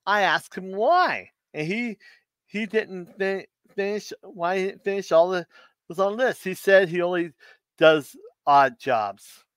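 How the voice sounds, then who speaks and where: A man with a slightly high voice tells corny jokes to his live stream audience. He takes his time over every setup and chuckles at his own punchlines. His voice sounds close and dry, with no room around it. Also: fairly bright tone, clean tone, no echo. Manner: slow, laughs at his own puns. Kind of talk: casual live stream joke telling.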